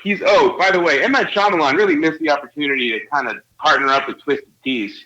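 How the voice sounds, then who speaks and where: Bright-voiced man telling a laid-back story. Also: fairly high pitch, quick pace, muffled recording. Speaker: podcast co-host. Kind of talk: casual chat.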